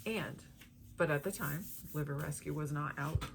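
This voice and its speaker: A woman's voice: sits low, moderate pace, creaky, noisy background. A woman vlogger sharing a personal health testimony in an earnest, heartfelt way, drawing out her phrases.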